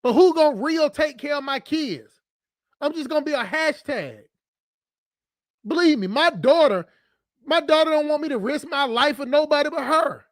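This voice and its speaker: Blunt, high-voiced man ranting on stream. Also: dry recording, studio quality. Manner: blunt, profane, fast-talking, jumps between subjects. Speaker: livestream host. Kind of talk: unscripted livestream rant.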